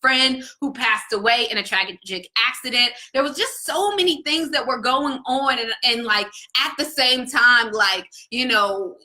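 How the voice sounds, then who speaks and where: A woman's voice: on the high side, measured pace, few pauses, pushed and bright. A young woman vlogger talking earnestly and emotionally to her viewers about faith, with many restarts. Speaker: vlogger and faith-based business coach. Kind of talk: casual heartfelt talk to camera.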